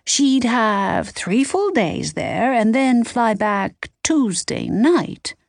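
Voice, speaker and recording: A woman doing a chatty amateur sleuth in a storybook mystery, her voice lifted higher and spilling out eagerly. There is a slight gravelly edge under it, and the sound is dry and close. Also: big pitch swings, drawn-out words, no room sound, heavily acted.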